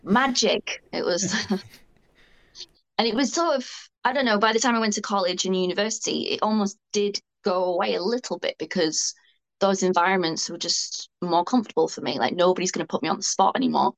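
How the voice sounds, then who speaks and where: Gravelly-voiced woman, candid. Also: mid-range voice, brisk, poor audio. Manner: frank, rambling, self-deprecating. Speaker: guest. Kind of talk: candid personal interview.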